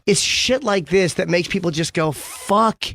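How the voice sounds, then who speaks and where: A man's voice: sits high, a bit bright, no echo, clean studio sound. A middle-aged man co-hosting a casual talk show, blunt and profane. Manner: blunt, profane, quick impressions. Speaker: co-host.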